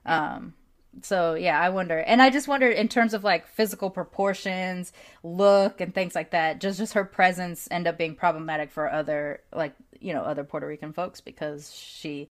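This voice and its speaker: A woman hosting a casual podcast interview, candid and animated, swearing freely and laughing often as she tells stories. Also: fairly low pitch, moderate pace. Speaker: podcast host.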